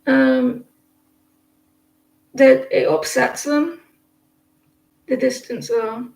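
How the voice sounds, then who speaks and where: Woman doing live card readings, kinda high voice, rambly chatty, roomy echo. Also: fairly even intonation, very slow, vocal fry, darkish tone. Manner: chatty, rambling, laughs often. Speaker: live stream tarot reader. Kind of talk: casual live stream chat. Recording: echoey room, faint noise.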